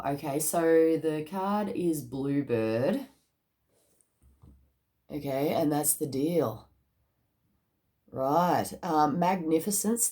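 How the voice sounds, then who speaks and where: A woman doing a casual tarot card reading, chatty and excitable, with casual slang and bursts of laughter. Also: low-pitched.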